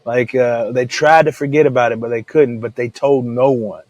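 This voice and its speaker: A daily Bible devotional podcast host speaks at a normal speed in a medium-pitched, darkish voice with fairly even intonation. He's laid-back, retells scripture in everyday slang, and often calls listeners "man," recorded on a podcast microphone with dry, poor audio.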